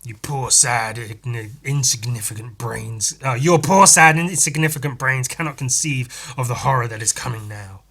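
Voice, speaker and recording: A man's voice: medium pitch, moderate pace, hardly any pauses, fairly bright tone, slightly rough. A man voicing a grandiose male monster freed from a turnip, with a theatrical, gloating villain delivery while reading a comic aloud.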